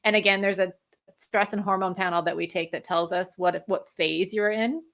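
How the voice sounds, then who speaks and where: Brief: woman guest expert, bright, lively explainer, laughs easily. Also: lowish voice, moderate pace. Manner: energetic, explanatory, laughs often. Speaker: functional medicine practitioner, guest. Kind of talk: interview conversation.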